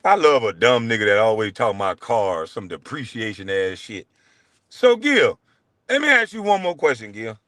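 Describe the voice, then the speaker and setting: A man hosting his own show, delivering a heated, profane solo rant, taunting and swinging between loud jabs and low mutters. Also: very animated, normal speed, dry recording, clean studio sound. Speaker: show host.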